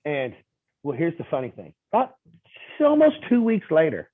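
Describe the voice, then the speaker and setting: A man's voice: on the high side, moderate pace, breathy edge, dry recording. Story-telling man on a tinny line. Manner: lively anecdotal telling with quoted dialogue and fillers. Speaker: insurance agent guest. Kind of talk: casual interview storytelling.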